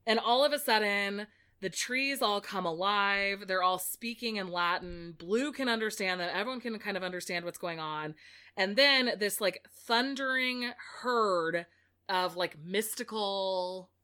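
Woman co-host, bright, clear tone, rambling casual recap with constant "like". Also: mid-range voice, measured pace. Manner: chatty, heavy use of "like", many restarts. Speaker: podcast co-host recapping a book. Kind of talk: casual chat.

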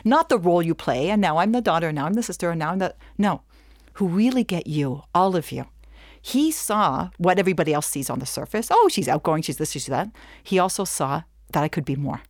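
A middle-aged woman teaching a webinar in an animated, chatty way, slipping into quick snatches of dialogue. Her voice sits on the low side for a woman. The recording is close and dry, with no room sound. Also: no echo. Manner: animated, acts out little dialogues with laughs. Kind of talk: lively talk to an audience.

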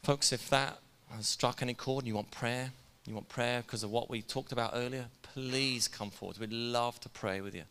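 Bright-voiced male preacher in a reverberant hall. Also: medium pitch, moderate pace, a little hiss or hum. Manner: energetic, conversational preaching with asides. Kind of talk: sermon. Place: church hall.

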